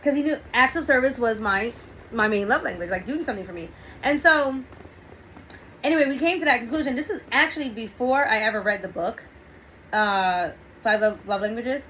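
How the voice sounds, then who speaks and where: Bright-voiced woman telling a story. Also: a little high, brisk, slight background noise, rough recording. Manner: chatty, animated, laughs often, frequent fillers. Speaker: relationship talk host. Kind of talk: casual storytelling monologue.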